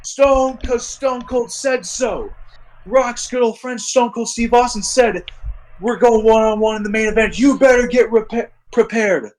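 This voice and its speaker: A man doing an impression of a boastful male pro wrestler, drawing out shouted catchphrases and trash-talking. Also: extremely high pitch, unhurried, voice pushed up, poor audio. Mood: cocky.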